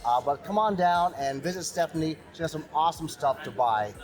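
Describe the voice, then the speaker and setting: A man's voice: fairly high pitch, a little fast, music in the background. Joking man hosting in an echoey room. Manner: joking, animated, leads the segments. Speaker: podcast host. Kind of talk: casual chat.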